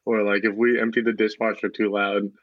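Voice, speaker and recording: Low-voiced dude, deadpan and sarcastic, kinda muffled remote audio. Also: male voice, a little fast, dry recording. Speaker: podcast co-host. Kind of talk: casual chat. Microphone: remote recording.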